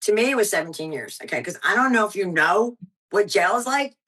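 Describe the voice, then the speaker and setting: A woman comedian in her thirties, telling blunt, profane stories in a high-energy way during a casual podcast chat. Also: animated, brisk, bright, forceful tone, breathy edge, low-quality recording. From Pennsylvania, US. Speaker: stand-up comedian guest.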